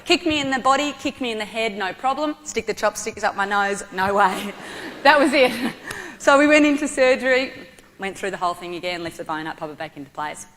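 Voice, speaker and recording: A woman with an Australian accent telling a personal story to an audience, animated and vivid. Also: medium pitch, a little fast, a little hiss or hum. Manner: lively, animated storytelling with acted-out quotes. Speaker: motivational speaker. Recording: long hall reverb.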